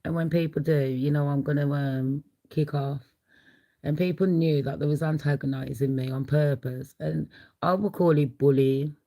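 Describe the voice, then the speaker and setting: A woman's voice: low voice, fairly even intonation, normal speed, mellow, rough recording. A middle-aged woman hosting a casual livestream, chatty and blunt, laughing often. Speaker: livestream host.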